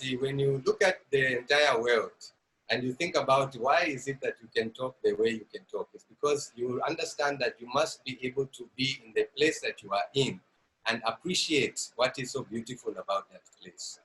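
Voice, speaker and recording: Relaxed Zambian-accented man. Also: medium pitch, moderate pace, low-quality recording. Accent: Zambian English. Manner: relaxed, talks with "man" and "you know". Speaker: podcast guest. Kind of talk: casual interview chat.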